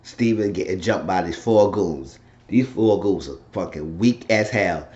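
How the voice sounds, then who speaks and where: A man recapping a TV episode in a casual, animated, profane monologue on a dull, lo-fi recording. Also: low voice, measured pace. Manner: animated, profane, acts out scenes. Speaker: vlogger reviewing a TV episode. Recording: dull lo-fi with faint noise.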